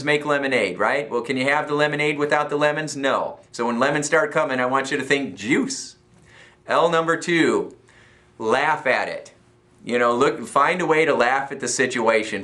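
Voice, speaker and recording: A man's voice: medium pitch, bright, forceful tone. An American man giving an upbeat motivational talk as a self-help coach, laughing often and acting out little voices.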